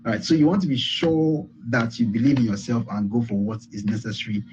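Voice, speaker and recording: A man's voice: medium pitch, fairly even intonation, a little fast, darkish tone, soft background music. Emphatic man with lo-fi call audio. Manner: repetitive, emphatic, frequent "all right". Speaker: speaker on a group call. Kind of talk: motivational talk.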